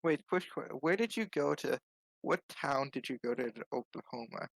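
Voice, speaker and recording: A man in casual chat with friends, teasing and quick to poke holes in stories. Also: mid-range voice, lively intonation, creaky, no room sound. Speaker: co-host.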